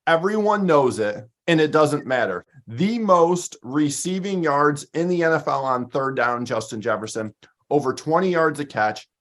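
A man co-hosting a sports show, reeling off stats in an upbeat, jokey way. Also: medium pitch. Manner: stat-heavy, upbeat, jokey. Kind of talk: casual sports talk.

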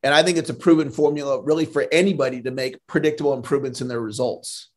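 A man's voice: medium pitch, fairly even intonation, quick pace. A man speaking as a sales trainer in a podcast interview, earnest and motivational, often repeating a word as he starts a thought.

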